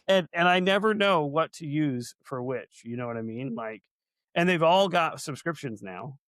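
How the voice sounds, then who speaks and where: A man's voice: a little high, animated, moderate pace, a bit bright, dry recording, clean studio sound. A man co-hosting a casual podcast, chatty and anecdotal, building vivid comparisons as he talks. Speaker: podcast co-host.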